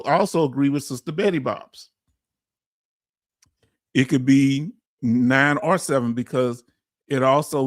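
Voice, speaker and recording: Energetic Houston man hosting a livestream. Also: mid-range voice, no room sound, clean studio sound. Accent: Houston, Texas. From Houston, Texas. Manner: energetic, folksy, calls audience "family". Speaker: host. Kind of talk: casual live-stream explainer.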